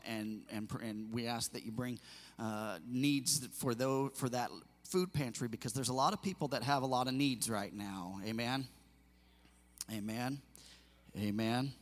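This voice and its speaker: A male pastor delivers a sermon in a church sanctuary, speaking earnestly and with feeling. He often stumbles, repeats words and restarts his sentences. His voice sits at a middle pitch and carries a long, echoing reverb from the hall. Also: moderate pace.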